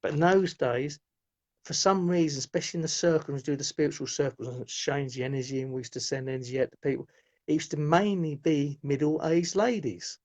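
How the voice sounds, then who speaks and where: A middle-aged guest recounts his life story in a rambling conversational way, frequently starting sentences over. His voice is fairly high, steady, brisk and darkish, heard through muffled lo-fi audio.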